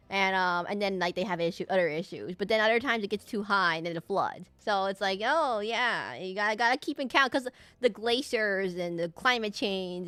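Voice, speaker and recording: A woman's voice: mid-range voice, fairly bright tone, clear, resonant tone, no echo. Chatty young woman streamer, rambling. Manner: rambling, chatty, laughs often, lots of fillers and restarts. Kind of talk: casual chat to a live stream.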